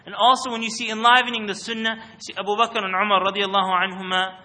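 Guy giving a religious talk to a room, keeps asking people questions, real sharp tense voice. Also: high voice, little pitch movement, fast talker. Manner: questions the audience and calls on them. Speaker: speaker giving an Islamic talk. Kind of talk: interactive religious talk to an audience. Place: room with a live audience. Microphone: microphone.

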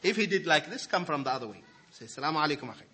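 Lively husky-voiced male preacher. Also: on the high side, rapid-fire. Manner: animated, swings from loud emphasis to soft asides. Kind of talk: sermon.

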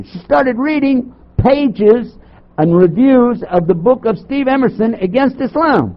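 An older man from Texas, a Muslim chaplain, preaching to an audience with sarcastic, animated storytelling and rhetorical questions. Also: extremely high pitch, a little slow. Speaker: Muslim chaplain giving a talk. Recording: dull lo-fi tape recording.

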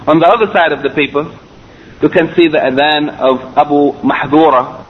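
A man's voice: a little high, steady tone, moderate pace. A man teaching a recorded religious lesson, explaining step by step with fillers and self-corrections. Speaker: Islamic studies teacher. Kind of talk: recorded lecture. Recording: tinny phone-line quality, faint hiss.

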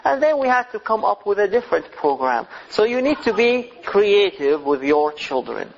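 A middle-aged man giving a religious lecture on parenting, speaking deliberately and asking his listeners rhetorical questions. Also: high-pitched, big pitch swings, gravelly, slight background noise. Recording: slightly dull lo-fi recording.

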